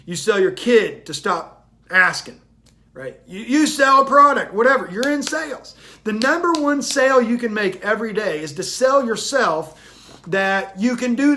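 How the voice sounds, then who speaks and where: A man's voice: extremely high pitch, sharp tone. A man giving a motivational talk in an emphatic, repetitive style that builds in intensity. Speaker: motivational speaker.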